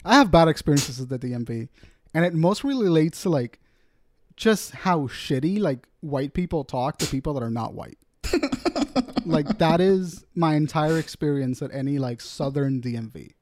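A man casually telling a profane, animated story on a podcast chat. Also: a little high, normal speed, dry recording, studio quality.

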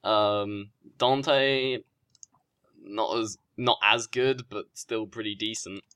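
A man with a low-pitched voice and a Southern US accent talks in a relaxed, conversational way. He gives firm opinions as a co-host and laughs easily along the way. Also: slow pace, clear, resonant tone. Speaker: podcast co-host. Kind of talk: casual wrestling review chat.

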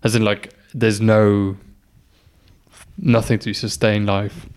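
A man's voice: fairly low pitch, level tone, takes it slowly, darkish tone. A man co-hosting a podcast, musing aloud with hesitant restarts and a lot of fillers in casual banter. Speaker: podcast co-host.

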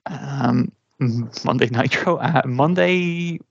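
A man's voice: medium pitch, slow, gravelly, husky, no room sound, dull audio. A man on a trivia podcast, chatting casually and hesitating, groaning and making fun of himself. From Ireland. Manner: self-deprecating, groaning, hesitant with many ums. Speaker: quiz contestant.

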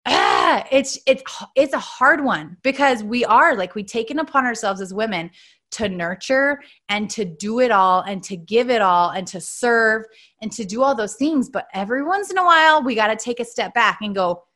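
A woman's voice: fairly high pitch, fairly bright tone. A woman in her thirties hosting a podcast, talking in an earnest, chatty motivational monologue and laughing often. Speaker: podcast host.

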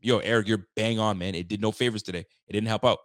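A man with a lowish voice hosts a live postgame fan show and works through viewer chats. He talks casually and gets heated, with plenty of slang. The sound is dry and close. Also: fairly even intonation, fast, no echo. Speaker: sports fan show host. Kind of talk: postgame livestream reaction, reading viewer chats.

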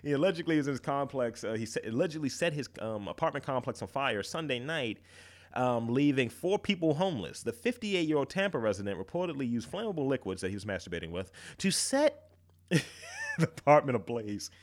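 A man's voice: medium pitch, fast talker. A man co-hosting a podcast, reading odd news stories aloud in crude casual chat and laughing through them. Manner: laughs while reading, profane, animated delivery. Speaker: podcast co-host.

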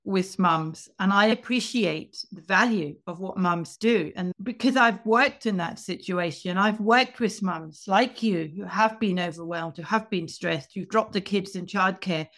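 A woman's voice: mid-range voice, measured pace, hardly any pauses, a bit bright. A woman who has worked in childcare, speaking in a reflective, supportive way in a podcast conversation.

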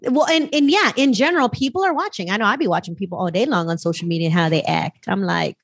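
A woman co-hosting a casual podcast, explaining things in a chatty way with quick interjections. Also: mid-range voice, gravelly, dry recording. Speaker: podcast co-host.

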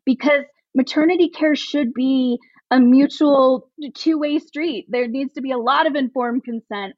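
A woman's voice: a little high, no room sound. Earnest woman guest, dull dry sound. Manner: earnest, emotional, rambling with many restarts. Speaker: podcast guest, plus-size pregnancy advocate. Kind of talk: conversational interview.

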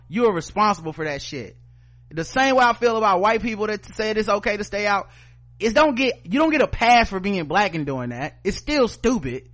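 A man's voice: high voice, fairly bright tone. A man with a Southern US accent co-hosting a podcast, ranting heatedly and sarcastically, swearing often and reading news aloud. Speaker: podcast co-host. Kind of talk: profane opinion podcast rant.

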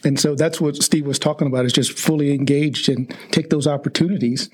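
A man's voice: fairly high pitch, fairly even intonation, a little fast, breathy edge. An outgoing, talkative man speaking reflectively in a casual faith podcast chat.

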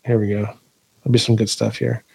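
Man, podcast guest, swears a lot, animated storyteller, dry close mic. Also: on the low side, brisk, creaky, breathy edge, no room sound. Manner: profane, laughing, animated storyteller. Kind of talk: casual podcast conversation.

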